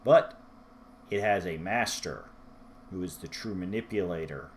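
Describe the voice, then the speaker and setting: A man's voice: low-pitched, unhurried, slight background noise. A man talking through a book review in a rambling, self-deprecating vlog style. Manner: rambling, self-deprecating, loses his place in his notes.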